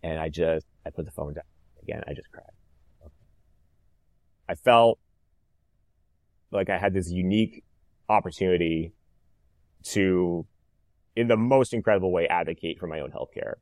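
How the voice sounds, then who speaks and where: Low-voiced man in his thirties telling his story. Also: normal speed, pauses often, no echo, studio quality. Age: 30s. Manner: animated, reenacts dialogue, frequent "like" fillers. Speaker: interview guest, cancer survivor. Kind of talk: conversational storytelling.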